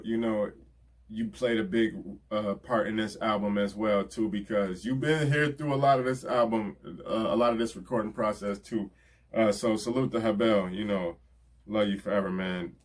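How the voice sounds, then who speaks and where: A man, talking earnestly and casually as he thanks the people in his life. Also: lowish voice. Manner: earnest, repeats "you know what I'm saying". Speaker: rapper giving album shout-outs. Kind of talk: casual heartfelt talk.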